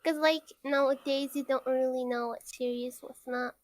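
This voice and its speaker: High-voiced, teasing young woman guest. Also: fairly even intonation. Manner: teasing, quick to laugh, short prompting replies. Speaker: podcast guest. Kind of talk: casual podcast chat.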